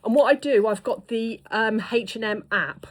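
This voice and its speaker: A woman's voice: fairly high pitch, normal speed. A middle-aged woman, chatting to camera in an effusive way as a vlogger. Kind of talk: casual chat to camera.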